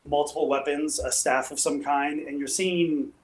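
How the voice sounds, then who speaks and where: A man running a tabletop game as game master, talking in a relaxed, halting way with many fillers and restarts. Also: a little high, roomy sound, low-quality recording.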